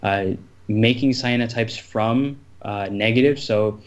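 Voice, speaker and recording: A man co-hosting a casual podcast, easygoing and halting, often repeating words. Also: medium pitch, lo-fi sound. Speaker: podcast co-host.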